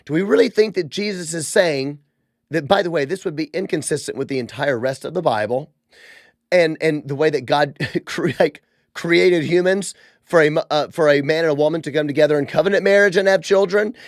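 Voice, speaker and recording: High-voiced, gravelly man hosting a podcast. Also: brisk, no echo, studio quality. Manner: animated, sarcastic, conversational. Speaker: podcast host. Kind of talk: casual religious commentary.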